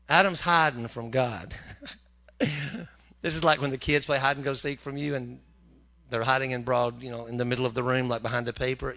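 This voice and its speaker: A man preaching a humorous sermon in a folksy, joking way, slipping into quick character voices. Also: medium pitch, pushed and bright.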